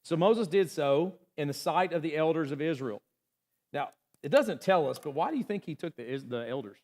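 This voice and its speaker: A man's voice: fairly high pitch, animated, normal speed, darkish tone. A man preaching a sermon in a conversational way, often checking in with the congregation and acting out the voices in the story. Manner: conversational, asks the room "right?" often; acts out quoted voices. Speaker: pastor. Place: church.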